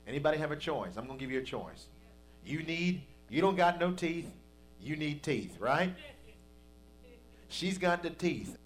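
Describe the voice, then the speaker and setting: Pastor guy preaching, folksy and chatty, voice a bit on the high side, gets loud and pushy at the peaks. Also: sing-song, a little slow, long pauses. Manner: folksy, conversational preaching with rising emphasis. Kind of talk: preaching a sermon.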